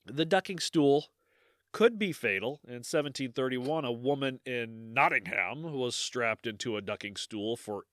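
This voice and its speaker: Midwestern guy cohosting a podcast, easygoing, chuckles a lot, pitch bounces around, dry close sound. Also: fairly bright tone, dry recording. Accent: Midwestern American. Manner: chuckles often, easygoing storytelling. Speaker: podcast co-host. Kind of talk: casual chat.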